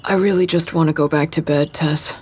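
A woman reading the lines of a sleepy, grumbling young man in an audiobook, with a husky voice. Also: deep voice, steady tone, brisk, darkish tone. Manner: grumbling, sardonic. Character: sleepy grumpy young man, narrator's friend.

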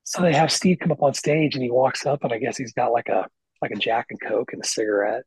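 Husky, foul-mouthed animated man. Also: mid-range voice, brisk, dry recording, rough recording. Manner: profane, animated storyteller. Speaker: guest guitarist. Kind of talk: casual podcast chat. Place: lives in Nashville.

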